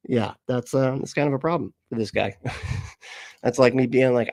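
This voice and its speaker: A man's voice: medium pitch, measured pace, creaky, long pauses, darkish tone, dry recording. Brief casual male streamer, dry close sound, swears freely, rambles and jokes. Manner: profane, rambling, jokey, reads chat aloud. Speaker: streamer reacting to clips. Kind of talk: casual live-stream chat.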